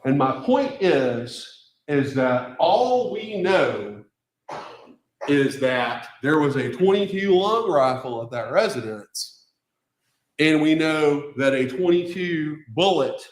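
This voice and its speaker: A male defense attorney with a slightly high, expressive voice delivers an emphatic closing argument to a jury, taking his time and posing pointed rhetorical questions. He speaks at a courtroom podium mic, and the room is echoey.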